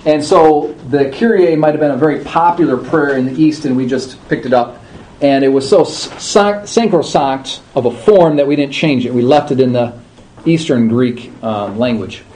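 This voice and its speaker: A man explaining liturgy to a group in a conversational, teaching way, checking in with his listeners and slowly sounding out chanted words. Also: medium pitch, darkish tone, slight background noise, poor audio. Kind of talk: informal class talk.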